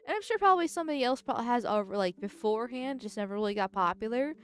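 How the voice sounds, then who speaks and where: A woman's voice: a little high, expressive, fast talker, faint music behind. A woman streaming live in casual chat, talking bluntly and directly, with a stuffy nose.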